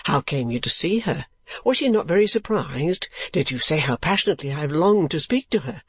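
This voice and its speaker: Man doing an eager young lover, vehement, pressing questions, raised pitch, dry sound. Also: expressive, brisk, slightly rough, no room sound. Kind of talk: audiobook character voice.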